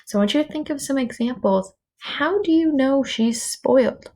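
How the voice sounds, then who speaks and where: A woman's voice: high-pitched, normal speed. A woman teacher reading a chapter book aloud to children, stopping to comment expressively and ask them questions. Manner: expressive, stops to comment and quiz.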